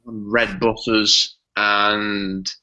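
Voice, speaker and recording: A man's voice: on the low side, level tone, drawn-out words, pushed and bright, rough recording. A man from England, co-hosting a podcast in a chatty, jokey way with many ums. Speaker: podcast co-host. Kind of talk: casual podcast chat.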